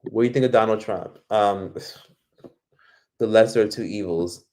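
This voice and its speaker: A man's voice: on the low side, unhurried, darkish tone, a little hiss or hum. A man from Miami hosting a casual livestream, reading comments and giving blunt, profane advice. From Miami, United States. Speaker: livestream host.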